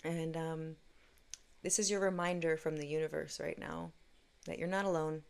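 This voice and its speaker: A woman with a deep voice and a gravelly fry shares a reflective spiritual monologue. She speaks earnestly and candidly and swears now and then. Her tone stays low and grounded throughout. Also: steady tone, normal speed. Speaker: spiritual podcast host.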